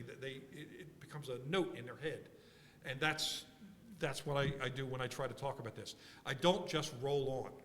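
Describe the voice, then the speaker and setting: A man from Philadelphia giving a conference workshop talk, animated and thinking aloud with frequent restarts. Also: on the high side. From Philadelphia, USA. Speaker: workshop speaker. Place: large conference hall. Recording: conference hall reverb.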